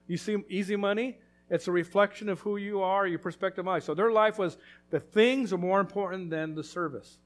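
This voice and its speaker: High-voiced man preaching a sermon. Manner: repetitive, rhetorical questions, emphatic. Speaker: pastor.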